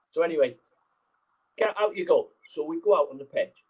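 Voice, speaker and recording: A man spinning an anecdote for an audience as a guest speaker. He talks in a lively, animated way, slipping into the voices of the people in his tale. His voice sits fairly high for a man. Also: a little fast, breathy edge, narrow, tinny audio. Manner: lively, acts out scenes. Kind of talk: anecdotal storytelling.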